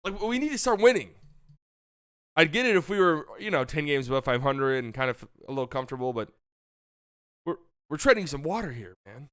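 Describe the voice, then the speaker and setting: A man's voice: medium pitch, lively intonation, fairly quick, fairly bright tone, smooth, no room sound, studio quality. A young man hosting a casual basketball talk show, ranting with exasperation and repeating himself. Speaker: sports podcast host.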